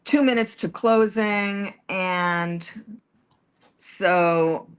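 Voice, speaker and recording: A woman's voice: medium pitch, very slow, clear, resonant tone. A woman chatting casually on a livestream, rambling and hesitant with many restarts. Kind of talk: casual chat.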